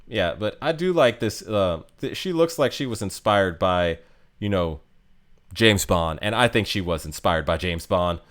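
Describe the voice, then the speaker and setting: A man's voice: deep voice, animated, measured pace, a bit bright. A man casually talking through a game character ranking, rambling with many fillers and restarts. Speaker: game guide youtuber.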